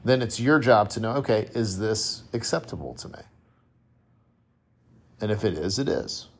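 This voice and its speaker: Male podcast host, fairly low voice, reflective conversational self-help monologue. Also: lively intonation, moderate pace, breathy edge. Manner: reflective, conversational, with frequent restarts and rhetorical questions. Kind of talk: solo motivational podcast monologue.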